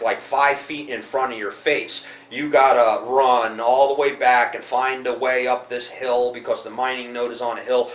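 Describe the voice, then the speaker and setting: A man's voice: mid-range voice, echoey room. A man talking casually to camera about a game, rambling with many restarts and frequent swearing. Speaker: gaming video host.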